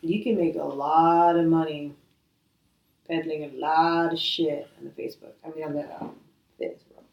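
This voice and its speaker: A woman's voice: low-pitched, steady tone, normal speed, vocal fry, dull audio. Blunt woman, distant echoey sound. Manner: blunt, profane. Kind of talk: casual chat. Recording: echoey, away from the mic.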